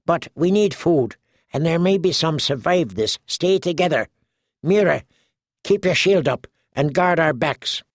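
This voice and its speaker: A man's voice: on the high side, lively intonation, unhurried, no echo, clean studio sound. A man voicing a blunt, tough wild woman fighter. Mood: commanding. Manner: blunt, commanding. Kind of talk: audiobook character voice.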